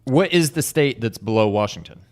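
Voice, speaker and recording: A man's voice: medium pitch, expressive, brisk, a little mellow. A man in a casual chat with old friends, enthusiastic and given to exclamations.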